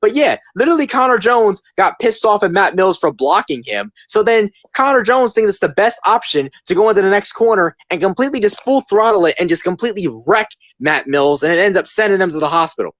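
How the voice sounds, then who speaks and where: Animated ranting young man, dry sound. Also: high-pitched, a little fast, few pauses, no echo. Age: 20s. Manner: emphatic, ranting, repeats points. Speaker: podcast host. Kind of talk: casual opinion podcast.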